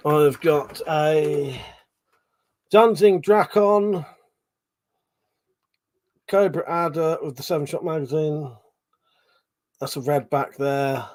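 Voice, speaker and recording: A man's voice: fairly high pitch, takes it slowly, long pauses, a little mellow. Swearing man on a livestream. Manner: rambling, swears freely, reads chat aloud. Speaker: livestream host. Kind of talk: casual live chat.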